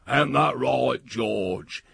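A man's voice: medium pitch, drawn-out words, gravelly, a bit bright, heavily acted. A man voicing a sly, drink-loving old countryman uncle, in an audiobook reading. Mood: rueful. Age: older.

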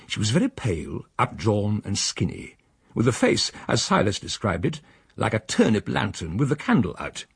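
A man reading a story aloud in an expressive, wry manner. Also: gravelly, husky, no room sound. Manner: expressive, sweeping pitch, wry. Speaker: narrator. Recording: dry close recording.

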